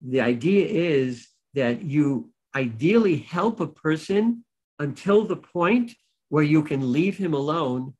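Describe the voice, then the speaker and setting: A rabbi giving a Torah lesson, who reads verses in Hebrew, translates them, and explains them with a story. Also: male voice, a little high, lively intonation, takes it slowly, darkish tone, slightly rough, low-quality recording. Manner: tells a story to make a point. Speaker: rabbi teaching a weekly Torah class.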